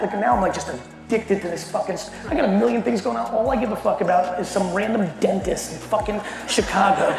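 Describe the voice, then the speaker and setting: A middle-aged man giving a blunt, animated keynote to a company audience and swearing constantly as he tells a story. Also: high voice, creaky. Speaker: keynote speaker. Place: large hall at a company event. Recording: echoey hall with faint music.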